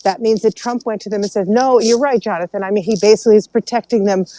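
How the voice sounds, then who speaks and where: Mellow-voiced woman on a panel. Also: medium pitch, steady tone, rapid-fire, dry recording, rough recording. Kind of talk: casual panel discussion.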